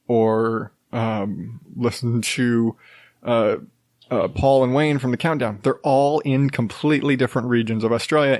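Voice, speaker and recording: A man's voice: mid-range voice, darkish tone, no echo. Guy rambling on his solo podcast, lots of uh and restarts, dead dry sound. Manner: rambling, with many fillers and restarts. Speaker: podcast host.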